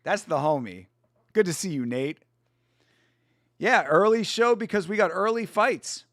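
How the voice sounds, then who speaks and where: Young man, live streamer, casual fight chat, swears a lot, slightly high voice, dry close mic. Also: expressive, measured pace, no echo. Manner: swears and reacts loudly to fights, greets chat by name. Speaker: streamer hosting a live fight watch-along.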